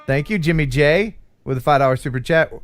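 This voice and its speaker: A man's voice: on the high side, lively intonation, brisk, over music. A man, around his forties, hosting a casual live stream chat in a goofy, playful way and laughing often. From USA.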